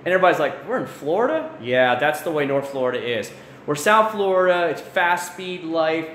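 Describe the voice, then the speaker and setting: A man's voice: on the high side, moderate pace, a bit bright. A man hosting a casual livestream, ranting animatedly and swearing freely as he answers the chat. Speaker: livestream host. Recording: roomy echo, faint background noise.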